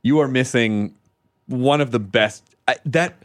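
A man's voice: medium pitch, a little slow. A man hosting a podcast in casual, enthusiastic and joking chat. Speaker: podcast host.

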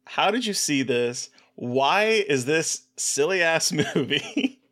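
A woman's voice: sits low, expressive, takes it slowly, a bit bright. A woman co-hosting a casual movie podcast, dry, teasing and profane. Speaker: podcast co-host.

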